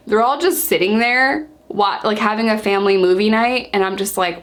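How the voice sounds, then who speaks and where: A young woman telling her own story to camera in casual talk, animated and acting out what she once said. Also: medium pitch, a little fast, hardly any pauses. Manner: animated, acts out her own past lines.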